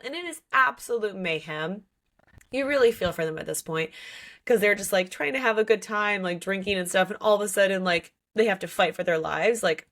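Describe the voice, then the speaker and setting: Woman host, casual book chat, animated and a little profane, mid-pitched. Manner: animated, lots of "like", playful swearing.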